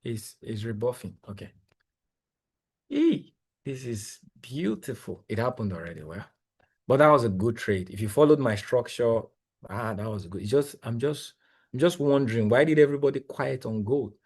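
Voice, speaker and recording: A young man, coaching traders live while sharing his screen, talking in an excitable, exclamatory, rambling way with lots of repeats. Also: mid-range voice, moderate pace, breathy edge. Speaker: trading coach. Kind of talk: live screen-share trading analysis.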